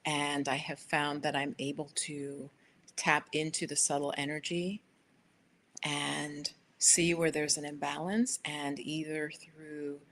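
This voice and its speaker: A woman's voice: deep voice, flat delivery, slow pace, fairly bright tone, a little hiss or hum. A middle-aged woman hosting a casual livestream from her sofa, chatty and rambling as she gives tarot readings to viewers. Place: living room sofa by big windows.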